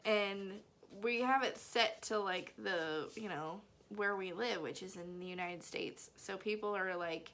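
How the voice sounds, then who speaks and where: A woman's voice: medium pitch, unhurried, few pauses, fairly bright tone, slight background noise. A woman in her thirties from Texas hosting a casual podcast chat with her teenage daughter, teasing and laughing often. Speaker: podcast host.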